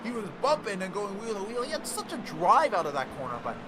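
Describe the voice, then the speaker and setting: A man giving excitable play-by-play commentary on a sim racing league, with quick bursts of excitement. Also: high-pitched, noisy background. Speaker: race commentator.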